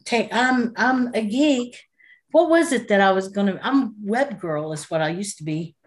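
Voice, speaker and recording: A woman's voice: medium pitch, expressive, moderate pace. A woman, co-hosting a casual chat in a chatty, self-deprecating way. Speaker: co-host.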